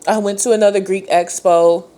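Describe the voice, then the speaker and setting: A woman in her twenties hosting a podcast, telling a personal story in a casual, slangy way and acting out quoted dialogue with big jumps in pitch. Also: fairly even intonation, normal speed, warm tone. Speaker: podcast host.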